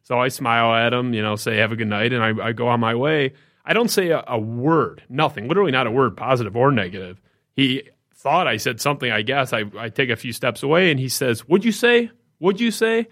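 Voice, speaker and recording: A man co-hosting a sports podcast, telling a story in casual, animated talk that gets more indignant as it goes. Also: fairly quick. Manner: animated storytelling, rising pitch when indignant. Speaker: podcast co-host.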